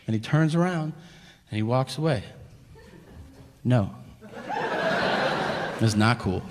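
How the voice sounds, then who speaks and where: A man doing stand-up, telling a story in an exasperated manner and acting out other people in flat mumbles. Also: mid-range voice, slow pace. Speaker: stand-up comedian. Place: theater stage with audience laughter. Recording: live stage mic in a reverberant hall.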